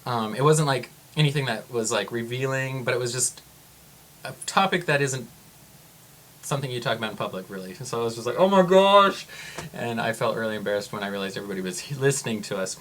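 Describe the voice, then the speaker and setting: A man vlogging to camera, telling a story in a rambling, excitable way with frequent exclamations. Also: medium pitch, quick pace, slight background noise.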